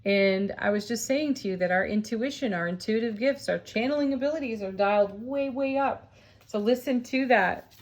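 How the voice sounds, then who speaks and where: A woman reading tarot cards for her viewers, gentle and soothing, often laughing and marveling at the cards. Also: a little high, moderate pace. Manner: awed and excited at the cards. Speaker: tarot reader.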